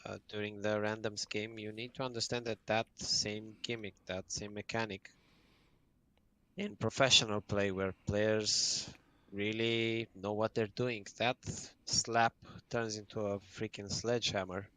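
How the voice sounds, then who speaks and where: A man's voice: on the low side, little pitch movement, measured pace, sharp tone. A man as a podcast guest, earnestly explaining game tactics in casual chat.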